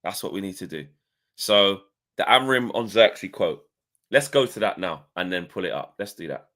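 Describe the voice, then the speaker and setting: A man talking football in a loose, rambling way, forever tossing in "you know" and "do you know what I mean". His voice sits a little low, and he chats from home on a video call. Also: expressive, moderate pace, sharp tone. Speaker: football podcast co-host. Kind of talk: casual football chat.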